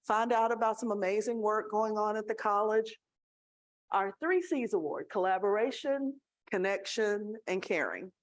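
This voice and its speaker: A college student affairs leader from Tennessee gives a conversational speech at a staff awards gathering, telling a story and checking in with the audience. She has a Southern American accent and a medium-pitched voice, and the recording is dry.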